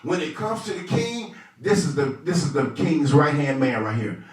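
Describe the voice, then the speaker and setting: Man putting on a brash gloating court schemer, high lively voice, echoey room, distant mic. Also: moderate pace. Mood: boastful. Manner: brash, gloating, street-talking. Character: boastful scheming male royal official.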